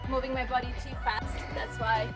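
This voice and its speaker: A fitness trainer from Russia speaking English with a Russian accent, chatting in a relaxed way during a workout and laughing easily. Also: female voice, a little high, a little fast, over music. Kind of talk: casual chat during a workout.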